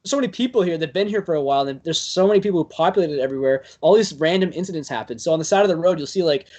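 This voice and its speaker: A young man, a podcast guest, telling stories in a rambling, animated way full of fillers. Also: a little high. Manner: rambling, filler-heavy, animated with quick bursts. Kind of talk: casual storytelling chat.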